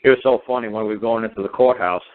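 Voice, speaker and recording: A man with a lowish voice races through his points on a talk show, calling in by phone. He is emphatic, hitting the same rhetorical questions over and over.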